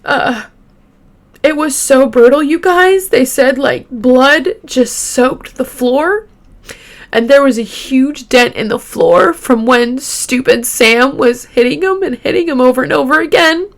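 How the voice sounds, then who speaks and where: A woman hosting a true crime show, retelling a case casually with halting fillers and restarts, openly shaken by the grim details. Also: sits high. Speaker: true crime podcast host.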